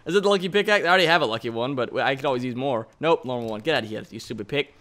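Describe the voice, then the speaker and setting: A young man hosting a modded game let's-play, excitable, yelping and laughing when startled. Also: medium pitch, racing. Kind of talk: excitable gameplay commentary.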